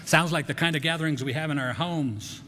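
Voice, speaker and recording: A man preaching a sermon in a relaxed, folksy way, often repeating words as he talks. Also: fairly high pitch, fairly quick. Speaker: pastor. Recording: echoey hall.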